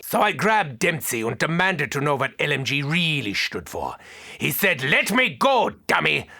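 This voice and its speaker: An actor playing an unhinged, theatrical male mad scientist doctor in video game voice lines, with a manic, sardonic delivery and a gravelly, husky voice. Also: a bit bright, heavily acted. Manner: manic, sardonic, wild pitch swings.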